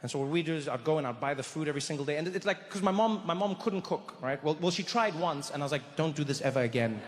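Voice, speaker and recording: A male stand-up comedian telling a story on a live stage, animated and acting out voices. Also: on the high side, fast talker. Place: large live theatre. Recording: echoey hall with faint crowd noise.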